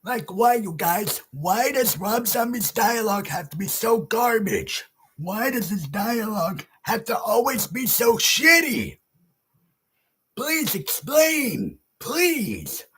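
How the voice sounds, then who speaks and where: A man with a strikingly high, very husky voice rants through a horror movie review. He talks slowly and heavily, shouting and cursing as he complains. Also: big pitch swings. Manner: loud, profane, often shouting. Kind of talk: ranting video review.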